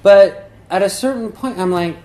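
A man's voice: high-pitched, normal speed, mellow. A man giving an informal talk on meditation and yoga traditions, rambling conversationally with many fillers and restarts. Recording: echoey room.

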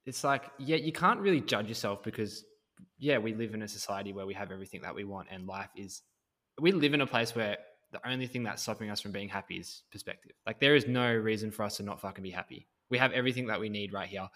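A man's voice: fairly low pitch, fairly quick, fairly bright tone. A man hosting a podcast, reflective and rambling, swearing casually as he talks. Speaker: podcast host, coach.

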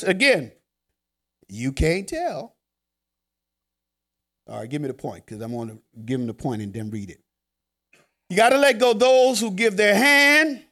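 Male preacher, high voice with wide swings, chatty joking sermon delivery, loud then hushed.

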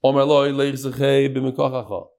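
A man's voice: medium pitch, steady tone, normal speed, vocal fry, a little mellow. A man teaching a Talmud class, reading the text in a sing-song lilt and questioning his students.

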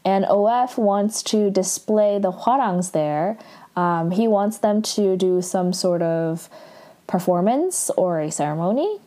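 A woman's voice: medium pitch, expressive, slow pace, dark tone. A young woman casually recapping a TV drama, chatty and full of fillers, quoting the characters in her own voice.

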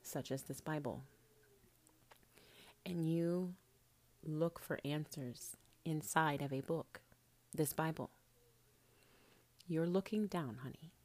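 Talking straight to the camera, this woman, who calls herself a prophetess, keeps her spiritual chat casual and close. Her low voice moves slowly with frequent pauses, and she swears lightly, says honey and now and then slips into whispers.

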